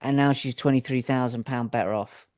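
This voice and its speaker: A man's voice: medium pitch, steady tone, brisk, a little mellow. British man reading news with jokes. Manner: reads stories out with jokey asides. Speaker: podcast co-host. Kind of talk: casual chat, reading news aloud.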